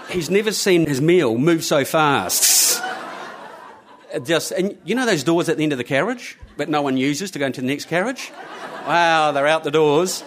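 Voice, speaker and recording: A man telling a story live to an audience, animated and acting out the people in it. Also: on the high side, slight background noise.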